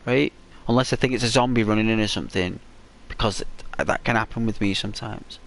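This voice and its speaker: A man telling a gaming story in rambling, unhurried commentary with many restarts. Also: fairly low pitch, steady tone.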